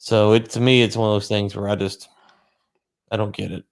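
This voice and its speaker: A man's voice: on the low side, flat delivery, fairly quick, vocal fry. A man co-hosting a casual chat show who talks hesitantly, agrees easily and fills gaps with "um.". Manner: hesitant, agreeable, lots of ums. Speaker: podcast co-host.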